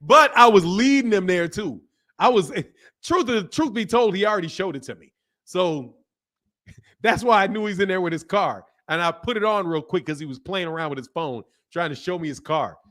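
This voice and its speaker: A man hosting a live boxing talk stream, reading out donations, animated and laughing with loud outbursts. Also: high-pitched, moderate pace. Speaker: boxing channel host.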